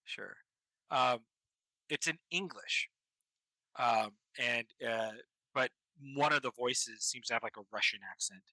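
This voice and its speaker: A man running a tabletop game as game master, narrating in a halting way with many ums and restarts. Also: medium pitch, pushed and bright, no room sound, low-quality recording.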